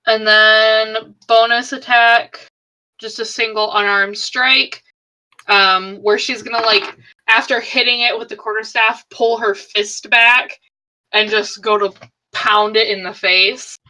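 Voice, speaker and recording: Bright-voiced woman calling game moves. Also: a little high, steady tone, takes it slowly. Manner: plain, matter-of-fact action calls. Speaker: tabletop game player. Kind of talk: declaring moves in a tabletop game.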